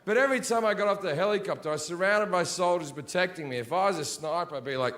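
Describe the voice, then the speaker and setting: A middle-aged man doing stand-up comedy on a stage, telling brash, profane stories and jumping to shouted punchlines, through a handheld mic. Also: sits high, fast talker. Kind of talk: stand-up storytelling. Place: comedy stage before a laughing audience. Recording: live show audio with loud audience laughter.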